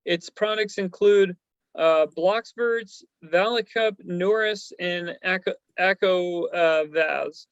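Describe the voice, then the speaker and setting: Man with a high voice hosting a stock chat. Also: slow pace, no echo, muffled recording. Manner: rambling, hesitant, many fillers. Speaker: stock show host. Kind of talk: casual chat.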